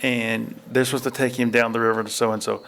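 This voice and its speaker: Gravelly man chatting outdoors. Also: mid-range voice, flat delivery, fairly quick, a bit bright, slight background noise. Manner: rambling storyteller, acts out film quotes. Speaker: podcast host. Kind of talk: casual chat. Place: outdoors at a state park by a river.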